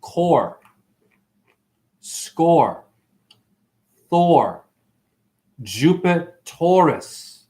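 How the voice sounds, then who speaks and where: A man hosting an online show, rambling through playful wordplay in a sing-song way, with sudden high whoops and drawling asides. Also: very animated, drawn-out words, long pauses, warm tone. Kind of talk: rambling livestream monologue.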